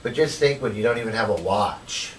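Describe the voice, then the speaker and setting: Expressive and brisk, a man with a fairly low, slightly bright voice shares his life story in an interview about his time being homeless. He wanders loosely, saying "you know" often and acting out past conversations; he's recorded from a distance, with poor audio and a faint hiss.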